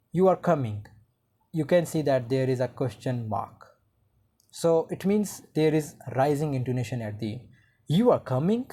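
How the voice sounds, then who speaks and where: A teacher delivers an explanatory online lecture in a mellow, dark-toned voice at an ordinary middle pitch. The explaining goes step by step, with frequent restarts and "uh, like" fillers between points.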